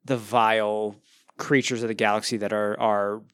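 A man's voice: on the low side, flat delivery, normal speed, fairly bright tone, clear, resonant tone, no room sound, studio quality. A man co-hosting a casual book podcast, rambling and full of fillers. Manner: rambling, lots of "like" and restarts, laughs now and then. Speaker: podcast co-host discussing a book. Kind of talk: casual chat.

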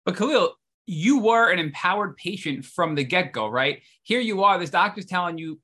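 Male podcast interviewer; bright, fairly high voice; engaged, recaps and questions. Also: expressive, moderate pace. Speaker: podcast host.

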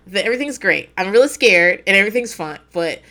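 A woman chatting casually on a podcast, her pitch leaping all over the place as she tells the story. She swears freely and laughs a lot. She acts out her own inner voice as she talks. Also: lively intonation, fast talker, sharp tone. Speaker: podcast co-host. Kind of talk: casual chat.

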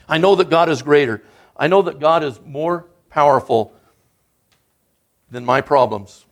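A man's voice: on the high side, measured pace, long pauses. A man preaching a sermon as a guest speaker, in an earnest, conversational way that builds in emphasis.

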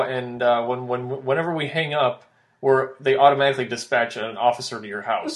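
A young man co-hosts a relaxed podcast, winding through a long anecdote. He pads his story with fillers and restarts and slips into quoted voices along the way. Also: mid-range voice, a little fast. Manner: rambling storytelling with many fillers. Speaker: podcast co-host. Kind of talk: casual podcast chat.

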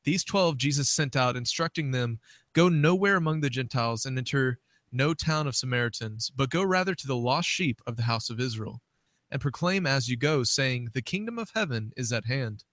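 A man hosting an interview, introducing a passage and then reading it aloud in a measured, deliberate way. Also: medium pitch, lively intonation, fairly bright tone, dry recording. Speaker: host.

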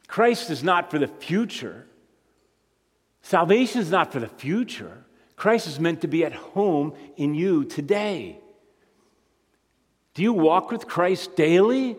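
A man preaching as a guest speaker, moving between quiet conversational asides and emphatic rising points. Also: high voice, lively intonation, unhurried. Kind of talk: sermon. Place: church sanctuary. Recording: long hall reverb.

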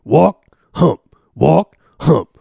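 A man's voice: a little high, expressive, drawn-out words, vocal fry, slightly rough, dry recording, studio quality, heavily acted. A man doing a brash slangy convict. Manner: loud slangy street talk. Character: brash tough-talking male convict.

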